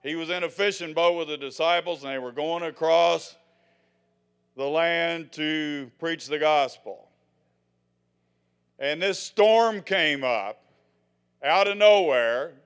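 An older man preaching a sermon in a folksy way, swinging from loud proclamations to hushed asides. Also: fairly high pitch, slow, pauses often, clean tone. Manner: folksy, acts out the scenes he tells.

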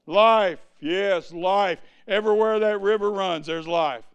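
Male preacher, high voice, deliberate pace, loud-soft swings. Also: smooth, lo-fi sound. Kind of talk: sermon. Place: church.

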